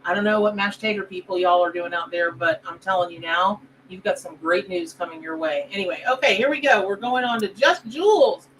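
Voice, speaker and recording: A woman's voice: mid-range voice, fairly quick, few pauses, fairly bright tone, distant mic, a little hiss or hum, low-quality recording. A woman hosting a live tarot stream, bubbly and chatty with her viewers. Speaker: tarot reader and show host. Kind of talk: live stream chat reading.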